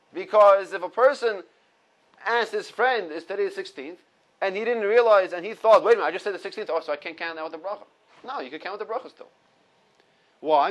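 High-voiced man teaching a halacha lesson. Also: low-quality recording. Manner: explains step by step, repeats key points, mixes Hebrew quotes with English. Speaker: Torah teacher. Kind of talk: informal halacha class.

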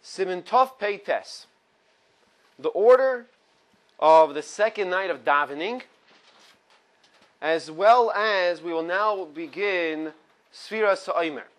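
A man teaches a morning Torah class, pitched a little high for a man. He reads each Hebrew phrase slowly and then translates it. Between readings he drops into loose, chatty asides to a small group. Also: fairly bright tone. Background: small study group in the room.

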